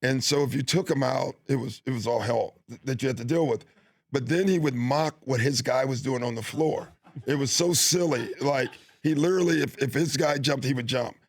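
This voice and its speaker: A middle-aged man, a basketball coach, being interviewed and telling stories in a relaxed way, with lots of fillers and restarts. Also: medium pitch, moderate pace, no echo, clean studio sound. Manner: easygoing, with frequent fillers and restarts. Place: studio.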